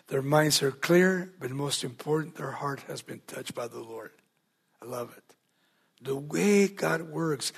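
High, gravelly-voiced preacher man. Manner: emphatic preaching, swinging between loud and hushed; asks the congregation rhetorical questions. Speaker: pastor. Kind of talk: verse-by-verse sermon.

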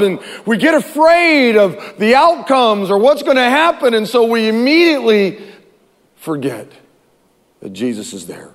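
A male pastor preaching a sermon, with a higher-than-usual voice. He talks in an animated way, acting out voices and swinging from loud to hushed. A long hall reverb trails his words.

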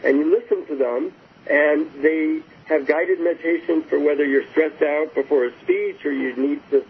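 This man, a guest author being interviewed, has a fairly high, slightly rough voice and a moderate pace. He chats enthusiastically through anecdotes with frequent restarts, and the audio sounds like a phone line with faint hiss.

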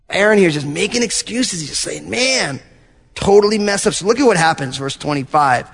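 High-voiced man preaching a sermon. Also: a little fast, vocal fry, breathy edge, long reverb tail. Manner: animated storytelling with acted-out asides. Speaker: pastor.

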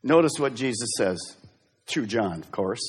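Middle-aged male pastor, lively dramatic preaching, husky tone, church hall echo. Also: mid-range voice, a little slow. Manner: emphatic, swings from loud exhortation to hushed intensity. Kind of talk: sermon. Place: church sanctuary.

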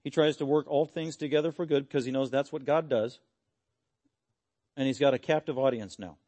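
An earnest, animated man preaching a sermon and closing in prayer. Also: mid-range voice, brisk. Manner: earnest, animated, acts out quotes.

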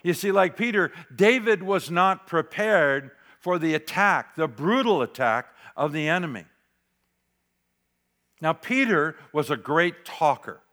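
A man preaching a sermon as pastor, dramatic, swinging between loud declarations and near-whispered asides. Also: a little high, animated, a little slow. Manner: dramatic, varies loudness, drops to near whisper for emphasis.

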